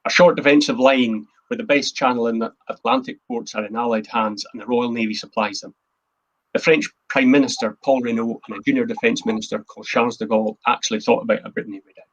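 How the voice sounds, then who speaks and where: A man's voice: mid-range voice, fast talker, poor audio. A man, the host and a historian, giving an earnest, emphatic history talk from his notes. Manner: earnest, emphatic, quotes speeches in a plain voice.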